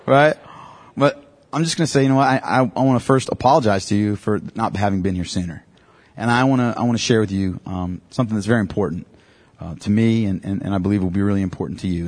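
Man, church teacher, husky voice, emphatic, repeats key lines, keeps asking "okay?". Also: mid-range voice. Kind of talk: classroom teaching on evangelism.

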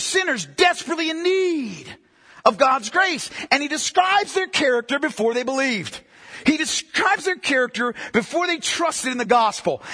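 A man with a very high, lively voice preaches a sermon and pounds home rhetorical questions to his congregation. His tone is husky and bright. Long reverb from a large hall trails behind him. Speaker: pastor.

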